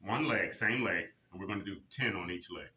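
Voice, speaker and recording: A man's voice: sits low, a little fast. Motivating male fitness instructor, echoey room. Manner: motivating, counts reps in a loud drill-sergeant cadence. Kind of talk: leading a seniors' exercise class. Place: senior center activity room.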